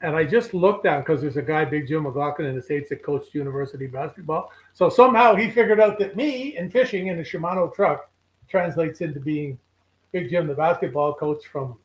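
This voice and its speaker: An older man, a regular guest telling animated stories in casual chat and voicing the people in them. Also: a little high, a little fast, rough recording. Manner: animated storyteller who voices the people in his stories. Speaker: regular guest on a fishing show.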